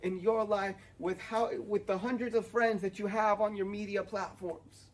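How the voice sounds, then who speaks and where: A man's voice: sits high, little pitch movement, moderate pace, poor audio. A young man preaching a sermon outdoors, earnest and building to fervent emphasis. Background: dog barking, wind.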